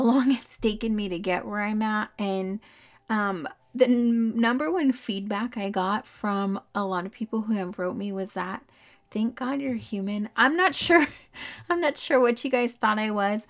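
A young adult woman hosting a casual solo podcast, chatty and upbeat, laughing often between her thoughts. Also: medium pitch. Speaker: podcast host.

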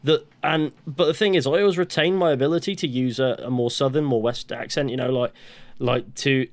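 A man's voice: medium pitch, fairly even intonation, brisk, no echo. A young man with a mix of West Country and northwest English accents, chatting casually and rambling as a podcast co-host, swearing freely. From West Country, England.

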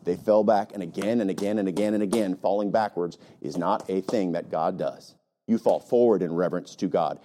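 Delivering a sermon in a dark, mid-range voice, this pastor fires off emphatic rhetorical questions, keeps tossing in "right?" and occasionally pokes fun at other preachers.

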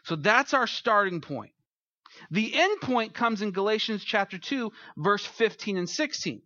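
A man's voice: high-pitched, animated, unhurried, sharp tone, no echo, lo-fi sound. A man preaching a sermon, telling funny road-trip stories in a chatty, joking way before turning to scripture. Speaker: pastor.

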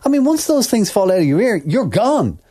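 A man's voice: high-pitched, big pitch swings, brisk, mellow. A man co-hosting a chat show, ranting in an exasperated, sarcastic way and often asking "all right?". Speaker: co-host.

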